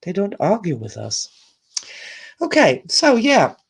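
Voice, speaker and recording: Woman host of a live stream, earnest and musing, slow husky voice with a lively, rising and falling pitch. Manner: earnest, musing, reading viewer comments aloud; laughs softly between thoughts. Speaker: host of a live online talk. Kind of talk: reflective live-stream monologue.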